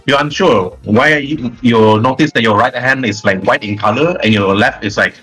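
A man running a tabletop game as game master, narrating loosely with lots of fillers. His voice is husky and of middle pitch. Faint music plays behind him. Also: moderate pace, pushed and bright.

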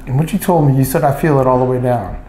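A man's voice: mid-range voice, fast, dark tone, roomy sound, a little hiss or hum. A man from New Jersey and New York, a chiropractor reassuring and coaching a patient through treatment in a clinic. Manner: reassuring, coaching, repeats short cues.

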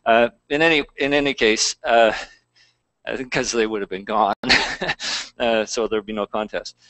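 A man's voice: mid-range voice, fairly even intonation, unhurried, pushed and bright, dry recording, low-quality recording. A man pastor preaching a conversational sermon, reading scripture aloud between plain asides.

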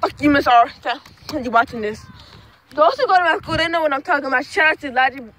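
A woman's voice: high-pitched, fast talker, a bit bright. A young woman telling a rambling, profane storytime vlog outdoors at dusk, tagging her phrases with "okay?". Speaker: student vlogger.

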